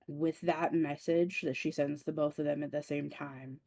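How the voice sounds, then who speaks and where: A man's voice: fairly high pitch, fairly even intonation, normal speed, vocal fry, hardly any pauses, a little mellow, no echo. A man narrating a tabletop game in a raised, emphatic voice. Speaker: game master.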